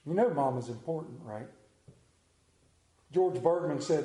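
A middle-aged man preaching a sermon in a church, telling stories dramatically, building to near shouts and dropping to hushed tones. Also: fairly high pitch, animated, moderate pace, pauses often. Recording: echoey church room.

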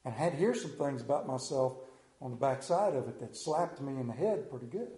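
A pastor giving a sermon, talking candidly in a folksy storytelling way, recorded in a church. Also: male voice, mid-range voice, expressive, brisk, mellow, reverberant.

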